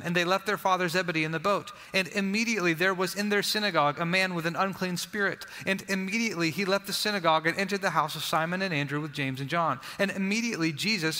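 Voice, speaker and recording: Bright-voiced preacher in a reverberant hall. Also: male voice. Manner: earnest preaching, drops soft and low on key phrases. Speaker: pastor. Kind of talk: sermon. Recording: long reverb of a large hall.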